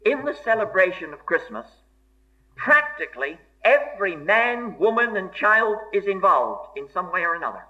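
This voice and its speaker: A man's voice: high voice, very animated, normal speed, bright, forceful tone. A man preaching a sermon in an earnest, emphatic way, repeating key phrases for stress. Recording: dull lo-fi sermon recording.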